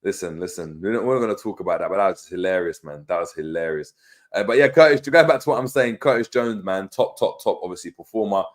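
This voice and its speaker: A man with a low voice hosts a casual fan live stream at a quick pace. He laughs a lot, reads viewer comments aloud, and banters in slang packed with fillers.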